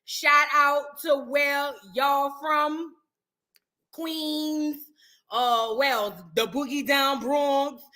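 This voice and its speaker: This woman's voice sits high as she dishes celebrity gossip on her channel in a casual chat. Sassy and lively, she occasionally breaks into little snippets of song.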